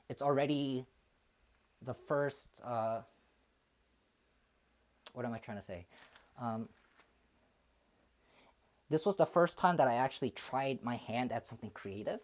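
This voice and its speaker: Brief: man in his twenties, casual stream chat, mid-pitched, halting and self-searching, lots of ums. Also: darkish tone. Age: 20s. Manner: hesitant and reflective, many fillers and restarts.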